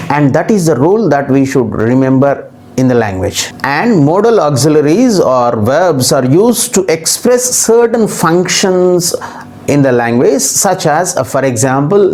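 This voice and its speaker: A teacher walks through a grammar lesson at a steady, deliberate pace. Points come again and again, and examples are listed one after another. The voice sits at a middle pitch. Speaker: English teacher.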